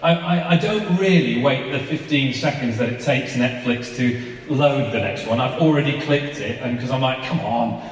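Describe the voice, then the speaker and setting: A man's voice: medium pitch, normal speed. A man, giving an informal, chatty sermon and asking his listeners rhetorical questions. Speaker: preacher. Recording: echoey hall from far off.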